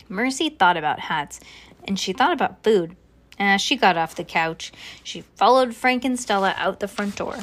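Woman reading a children's book aloud. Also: normal speed. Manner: lively, voices the characters with pitch jumps. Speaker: reader.

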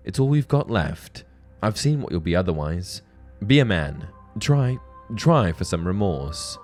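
A man's voice: deep voice, very animated, measured pace, a little mellow. A man reading the lines of an earnest, merciful teenage boy wizard from a storybook, firm and pleading. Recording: faint background music.

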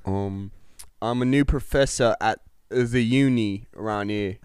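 A polite, stiff C.S. Lewis with a put-on British accent, as a man acts him out. He speaks slowly and a little lower than a plain speaking voice, in a dry, close sound. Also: a little mellow, clear, resonant tone, no room sound, lightly acted. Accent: amateur British accent.

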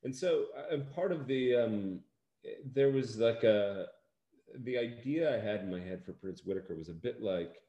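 An American man, an actor, chatting in an interview in a halting, rambling way with lots of fillers and dry humor. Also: mid-range voice, lively intonation, mellow, roomy sound, dull audio. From United States. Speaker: actor interviewed about a film. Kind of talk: casual interview chat.

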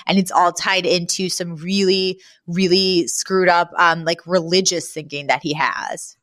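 A chatty woman co-hosting a podcast, talking in a relaxed way that often breaks into laughs. She is recorded close on a mic with a dry, dead sound. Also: on the low side, a little slow, dry recording. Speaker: podcast co-host. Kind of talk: casual podcast chat.

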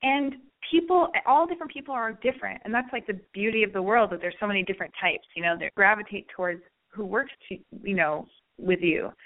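A woman hosting a radio advice segment, talking in a blunt, animated way and swearing as she gives a caller a pep talk. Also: mid-range voice, fairly quick. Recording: phone-like narrow band.

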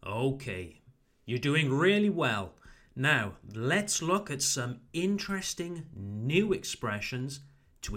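Lively, slow-paced male English teacher. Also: mid-range voice. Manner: modelling phrases slowly and repeating them for the listener; encouraging, coaxing. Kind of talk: podcast lesson for learners.

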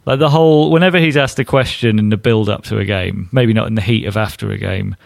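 A man's voice: fairly low pitch, fast, vocal fry, dry recording. A man co-hosting a casual football podcast, making dry, wry remarks. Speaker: podcast co-host. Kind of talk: casual chat.

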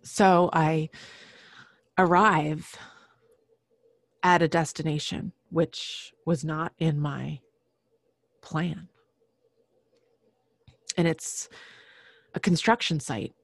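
A woman telling a personal story casually, halting often with fillers and restarts and clearing her throat now and then. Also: deep voice, fairly even intonation, no echo.

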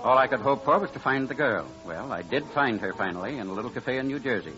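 An actor playing a smooth-talking, scheming male Broadway promoter who narrates, in 1940s radio style. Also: mid-range voice, animated, fast talker, over music, natural voice. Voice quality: glib, persuasive. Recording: dull old radio broadcast.

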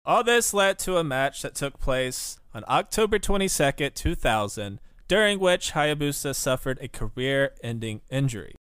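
Smooth, dry-voiced man reading a recap. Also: mid-range voice, big pitch swings, normal speed, a bit bright, no echo. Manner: read-aloud recap. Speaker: podcast co-host. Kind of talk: scripted narration.

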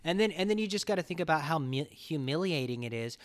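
A man's voice: a little high, animated, fast talker, no room sound. A man hosting a podcast, talking bluntly in a profane, ranting casual chat. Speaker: podcast host.

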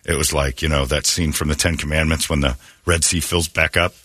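Show host, male, low husky voice, crude exaggerated storyteller. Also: fairly even intonation, brisk, pushed and bright, no echo. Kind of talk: comedic banter.

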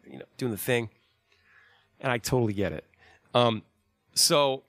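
A laid-back man in his thirties rambles through road advice with plenty of swearing. His voice sits on the low side. The sound is dry and close. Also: no room sound. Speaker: touring band musician. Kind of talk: casual advice talk.

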